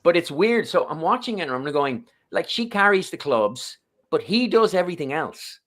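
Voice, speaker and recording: A man's voice: a little high, sing-song, normal speed, fairly bright tone. A man on a golf podcast panel telling long, rambling anecdotes in a casual chat. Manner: rambling, anecdotal, self-correcting.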